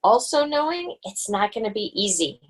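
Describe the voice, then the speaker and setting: A woman's voice: mid-range voice, very animated, moderate pace. A woman hosting a book study group on a video call, chatty and encouraging, with lots of fillers. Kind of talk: casual group video chat.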